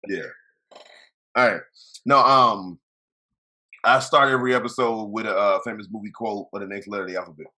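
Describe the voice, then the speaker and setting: A young man hosting a casual podcast, talking quickly and loosely with swearing and restarts. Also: fairly low pitch, steady tone, pushed and bright. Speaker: podcast host. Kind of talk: casual chat.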